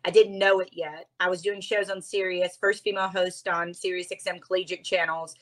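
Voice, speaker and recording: A woman's voice: lowish voice, brisk. Heartfelt woman telling her story. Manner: heartfelt, animated, near tears at times. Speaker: interview guest, speaker. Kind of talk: emotional storytelling interview.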